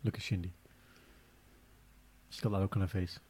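A man chatting casually as a podcast co-host, telling stories and acting out quotes in lively voices. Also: low voice, moderate pace, breathy edge. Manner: animated storyteller, acts out quotes. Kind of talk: casual chat.

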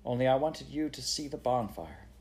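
A man voicing a gentle, soft-spoken older woman in an audiobook. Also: medium pitch, lively intonation, moderate pace, voice pushed up, natural voice. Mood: weary. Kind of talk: audiobook character voice.

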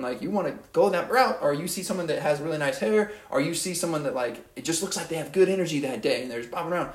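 A man's voice: on the high side, expressive, quick pace, hardly any pauses, echoey room. A young man giving an earnest, rambling motivational monologue as a podcast host, often repeating his phrases.

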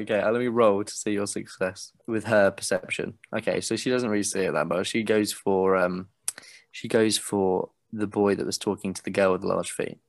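A man narrating a tabletop game as game master, relaxed and chuckling, with many fillers. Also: fairly low pitch, no echo.

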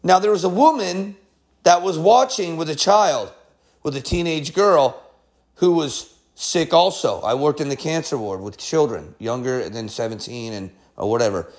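Animated, higher-pitched male preacher. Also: normal speed. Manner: animated storytelling, swinging between loud bursts and quiet asides; repeats words and restarts phrases. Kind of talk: sermon with personal testimony.

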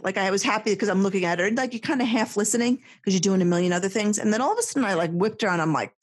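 A woman in her thirties co-hosting a podcast, telling a story in a chatty, animated way in casual conversation. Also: mid-range voice, fast talker, husky, dry recording. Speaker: podcast co-host. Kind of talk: casual chat.

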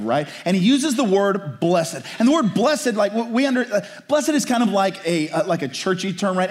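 A man preaching a sermon in a conversational way, often asking his listeners "right?". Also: high-pitched. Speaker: pastor.

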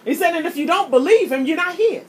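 A woman's voice: extremely high pitch, animated, fast. A woman preaching, often repeating words as she builds a point. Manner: impassioned, preachy, repeats words when starting a thought. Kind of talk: sermon.

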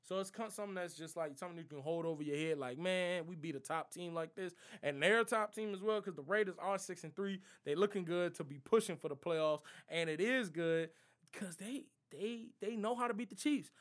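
A young man with a high, light voice running through his football picks. He talks in loose slang and gets animated as he trash-talks the teams he doubts. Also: fairly quick. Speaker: sports prediction vlogger. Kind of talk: casual NFL picks monologue.

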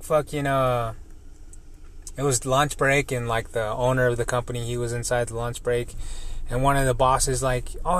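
A man's voice: medium pitch, a bit bright. A man in his thirties, a welder, venting in a rambling casual monologue full of swearing and fillers. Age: 30s. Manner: frustrated, venting.

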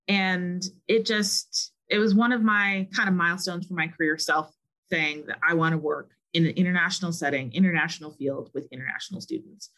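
A young woman from Massachusetts, a podcast guest telling stories in a chatty, animated, friendly way. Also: mid-range voice. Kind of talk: casual podcast interview.

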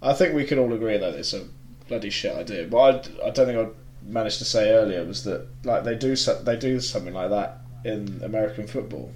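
A man co-hosting a casual football podcast, joking drily and trailing off softly. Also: on the low side, fairly quick, slight background noise, poor audio. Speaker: podcast co-host. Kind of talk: casual chat.

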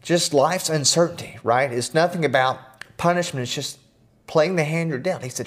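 A middle-aged man, a podcast guest, telling personal stories in an earnest, animated way with self-deprecating humor. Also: a little high, moderate pace. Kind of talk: storytelling in conversation.

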